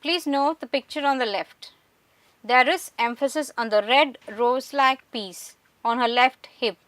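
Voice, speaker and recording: A woman giving a measured, scripted lecture, explaining slides one by one. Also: high-pitched, fairly bright tone, dry recording. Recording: voice distant from the mic.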